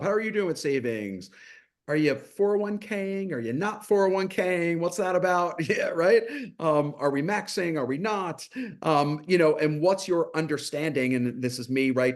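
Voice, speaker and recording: A man speaking as a mental health guest in a webinar discussion, animated and full of rhetorical questions. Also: mid-range voice.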